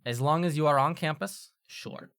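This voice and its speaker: A game master voicing a stern, weary woman professor in a tabletop game, speaking dryly and deliberately. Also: mid-range voice, a bit bright, clear, resonant tone, no room sound, lightly acted. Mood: exasperated. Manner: dry, deliberate, exasperated.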